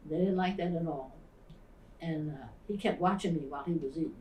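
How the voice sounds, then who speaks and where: A deep-voiced, fairly quick older woman pastor from the Philadelphia area reminisces in an interview, animatedly impersonating the people in her stories. A little hiss or hum accompanies the distant, roomy recording.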